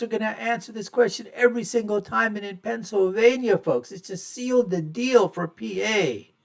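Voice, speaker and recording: A man hosting his own show, giving emphatic, opinionated solo commentary and repeatedly calling his listeners folks. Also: on the high side. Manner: repeats phrases for punch, swings loud and soft. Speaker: show host.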